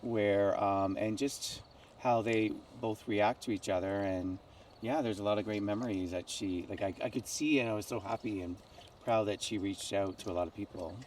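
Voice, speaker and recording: A man chatting casually outdoors at night, heaping warm praise on friends, halting and restarting as he searches for words. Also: fairly low pitch, fairly even intonation, slight background noise. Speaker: friend of the guest. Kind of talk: casual chat.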